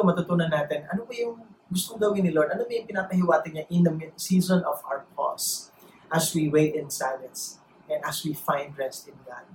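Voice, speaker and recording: A man with a Filipino accent preaching a sermon, mixing Tagalog and English and speaking with deliberate pauses. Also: fairly high pitch. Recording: roomy echo, faint noise.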